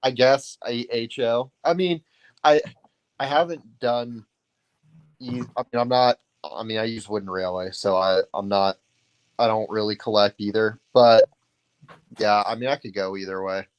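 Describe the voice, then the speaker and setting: Brief: young guy, lowish voice, dry close sound, hesitant. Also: steady tone, a little slow, clear, resonant tone, no room sound, highs cut off. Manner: hesitant, many fillers, low-key. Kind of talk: casual chat on a livestream call.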